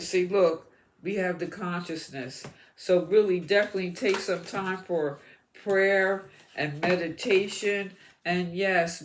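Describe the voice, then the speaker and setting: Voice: medium pitch, slight background noise. A tarot reader giving an astrology reading to the viewer, encouraging and repeating words as the cards come up.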